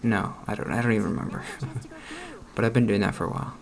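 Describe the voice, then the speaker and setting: A man hosting a let's play, musing aloud in a rambling, self-deprecating way with soft laughs. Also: lowish voice, quick pace, creaky. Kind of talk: casual commentary while gaming.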